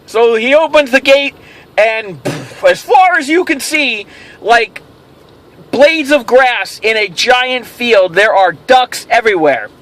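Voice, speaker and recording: A man's voice: very high-pitched, animated, slow pace, a bit bright. A man hosting a casual question-and-answer vlog, rambling and telling jokes with self-amused delight. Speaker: host of a toy show.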